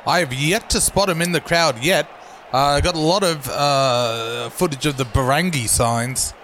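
A man giving dry, deadpan reports as a roving reporter on a comic cricket stream. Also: a little high, moderate pace, slight background noise. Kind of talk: comedic cricket broadcast.

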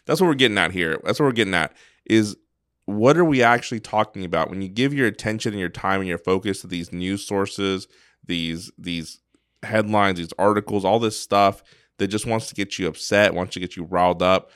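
A man's voice: sits low, brisk, fairly bright tone, clean tone, dry recording, clean studio sound. A man co-hosting a podcast in casual chat, wry and asking rhetorical questions. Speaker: podcast co-host.

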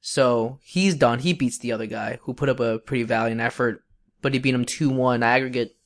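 Young dude podcast cohost, animated rambly storytelling, mid pitch. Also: male voice, a little fast. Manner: rambling, animated storyteller with many fillers and restarts. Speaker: podcast co-host. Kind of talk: casual storytelling chat.

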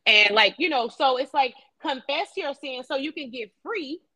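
Fervent high-voiced woman preaching. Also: animated, normal speed, pushed and bright, no room sound, rough recording. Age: adult mother. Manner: fervent, preachy, acts out quoted speech. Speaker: co-host. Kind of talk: faith talk show.

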